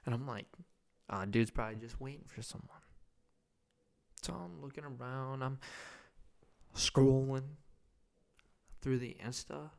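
A man's voice: mid-range voice, measured pace, gravelly, pauses often, darkish tone. A young man hosting a podcast, telling a loose, profane, rambling anecdote in casual chat. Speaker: podcast host.

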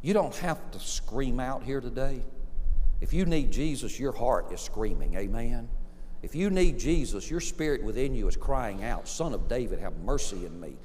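A man's voice: mid-range voice, a little hiss or hum. Man preaching animatedly in an echoing hall. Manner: animated preaching with dramatic pauses, swings between soft and loud. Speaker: pastor. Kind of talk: sermon. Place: church sanctuary. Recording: long reverb of a large hall.

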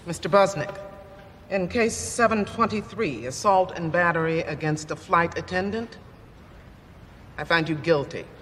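An actor playing a formal judge reading out a verdict in a comedy sketch. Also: male voice, high-pitched, unhurried, a bit bright, slight background noise. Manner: formal, officious.

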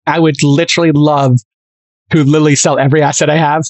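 A man co-hosting a podcast in casual chat, talking in an animated, emphatic and rambling way. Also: on the high side, fast, no echo. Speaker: podcast co-host.

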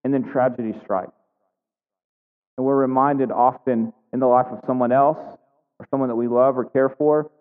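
A man's voice: medium pitch, steady tone, normal speed. A man preaching a sermon in a conversational way, often asking his congregation questions. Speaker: pastor. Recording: tinny phone-like sound, long reverb in a hall.

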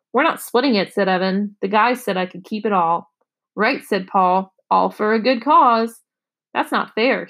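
Gravelly-voiced woman reading a children's novel. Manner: expressive, raises pitch for children's dialogue. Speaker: teacher reading aloud. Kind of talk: storybook read-aloud.

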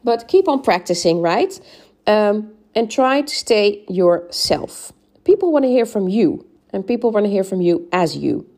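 Mellow-voiced woman giving podcast tips. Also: mid-range voice, big pitch swings, unhurried. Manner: frequent "um"s and "right?" checks, encouraging. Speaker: podcast host and English speaking coach. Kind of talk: solo podcast advice talk.

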